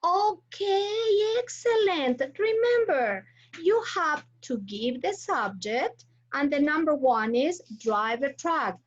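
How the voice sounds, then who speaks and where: A woman's voice: high-pitched, lively intonation, takes it slowly. A woman teaching English to a class online, with an Ecuadorian Spanish accent and Spanish as her first language, patiently calling on students and repeating their names and cues. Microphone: computer mic on a video call. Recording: dull lo-fi video call audio.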